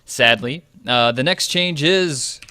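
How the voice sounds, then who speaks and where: Male game host, bright voice, dry close sound, casual chatty commentary with fillers. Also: mid-range voice, slow pace, clear, resonant tone, no echo. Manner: chatty, thinking aloud with fillers. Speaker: gaming video host.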